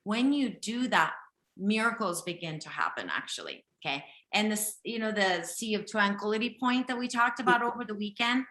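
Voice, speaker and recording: With an animated, medium-pitched voice that is bright and forceful, she speaks at a moderate pace in a reverberant setting. The live one-on-one health reading is hosted by this intuitive reader from Japan, who has a slight Japanese accent from her native language. She talks directly and insistently, often checking "okay?".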